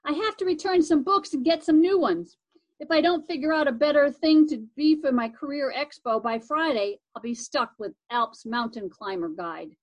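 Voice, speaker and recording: A woman's voice: high voice, normal speed, close to an everyday voice. Woman doing a friendly, helpful kid. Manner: warm and encouraging.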